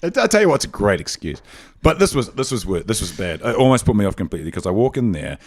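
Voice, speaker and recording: Host: deep-voiced New man, rapid-fire, excitable storyteller. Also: slightly rough. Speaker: podcast host, voice actor. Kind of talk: casual chat.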